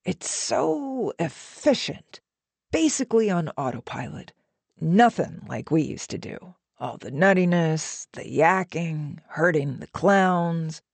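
A woman's voice: low voice, lively intonation, slow, gravelly, breathy edge, no room sound, full character voice. A woman doing a charming aging male actor. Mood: breezy. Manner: easygoing, practiced charm. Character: aging male film actor, smooth and polite. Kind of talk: audiobook narration.

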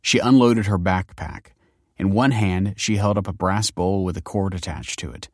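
A man narrating a story in a measured, wry way. His voice is deep and low. The recording is close and dry, with no room sound. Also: no echo. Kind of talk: scripted narration.

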